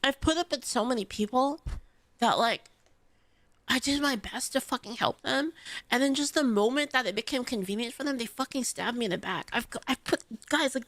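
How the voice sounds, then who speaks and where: A woman's voice: high voice, fairly bright tone, no room sound. A woman streamer rambling emotionally and swearing often during a casual livestream.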